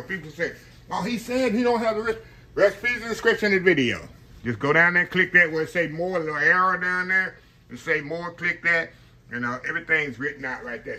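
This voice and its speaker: A man's voice: on the high side, sharp tone. A man hosting a casual home cooking demonstration, chatty and folksy, calling his viewers y'all. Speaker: home cooking channel host. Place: home kitchen.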